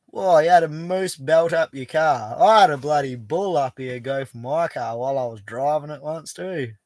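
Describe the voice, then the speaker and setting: A man's voice: a little high, moderate pace, darkish tone, dry recording. A middle-aged Australian man hosting a casual live chat from an outback bush camp, talking in a blunt, laid-back way and swearing freely. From Western Australia. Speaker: livestream host.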